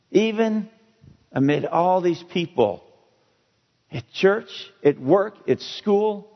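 A man preaching a sermon, slow and emphatic, with dramatic pauses. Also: high voice, animated. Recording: dull audio with long hall reverb.

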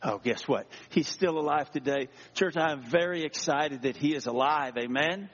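A man preaching an energetic Easter sermon as pastor in a church, exclaiming and calling for amens. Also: fairly high pitch, moderate pace. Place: church sanctuary. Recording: dull sound in a long-echo hall.

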